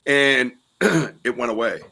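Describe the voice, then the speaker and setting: Lively man hosting a podcast, bright voice. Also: mid-range voice, slow pace, creaky, slightly rough. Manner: animated, swears and yells when retelling scares. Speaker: podcast host. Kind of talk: casual storytelling interview.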